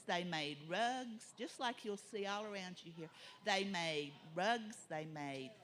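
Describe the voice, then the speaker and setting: A woman storyteller, telling a folk tale in a folksy, drawn-out way. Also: medium pitch, fairly bright tone.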